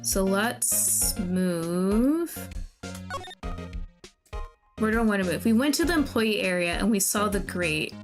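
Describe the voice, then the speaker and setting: A young woman streaming a game at her desk mic, chatty and thinking out loud, reading game lines aloud and reacting loudly with disgust. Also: medium pitch, lively intonation, takes it slowly, pauses often. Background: game background music.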